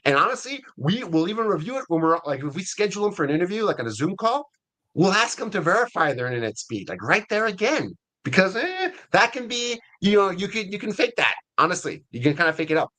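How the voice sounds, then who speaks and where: A middle-aged man with a US Hispanic accent, hosting a webinar in a casual, energetic way with many fillers and restarts. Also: high voice, quick pace. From Latin America. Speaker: webinar host.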